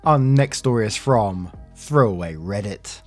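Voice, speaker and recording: A man's voice: lowish voice, lively intonation, a little slow, darkish tone, faint music behind. A man narrating online stories casually, with wry asides and free swearing. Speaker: reddit story narrator. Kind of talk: casual story narration with commentary.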